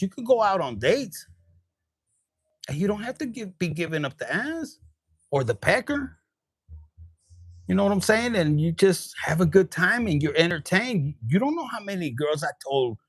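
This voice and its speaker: A man's voice: high voice, dry recording. A young man, reading tarot in a casual livestream, talking candidly with profanity and jokes and slipping into Spanish words. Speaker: tarot reader.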